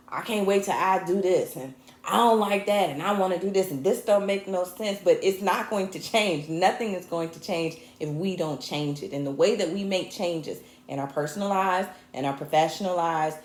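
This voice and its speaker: A woman's voice: fairly low pitch, normal speed, a little mellow, roomy sound. A woman hosting a livestreamed talk show on her own, impassioned and joking, calling her viewers y'all. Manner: impassioned and fired up, mixing jokes with anger; chatty, addresses viewers as y'all. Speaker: host and technical producer. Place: home show set. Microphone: camera mic.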